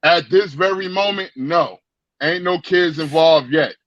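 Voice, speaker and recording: A man telling a story in a casual chat, animated and profane, with lots of stammered restarts, on dry lo-fi stream audio. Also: fairly high pitch, measured pace, no room sound. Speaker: guest.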